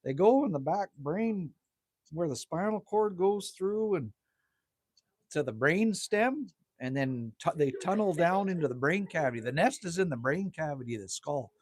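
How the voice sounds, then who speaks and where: Sitting outside his cabin at night, a Manitoba streamer reads comments aloud and chats casually, ribbing himself, swearing a little and dropping "man" constantly. His pitch is fairly high with a lively rise and fall, his speed normal, his tone husky. The recording is dry.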